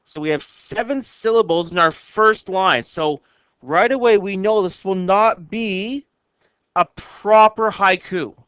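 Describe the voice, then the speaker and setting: A man walks through a lesson at an unhurried, careful pace, reading each poem line out word by word. His voice sits high and comes across smooth and clear. The sound is dry, with no room around it. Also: fairly bright tone, no room sound. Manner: slow and careful, reads lines out word by word. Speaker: teacher. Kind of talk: explaining haiku syllable counts.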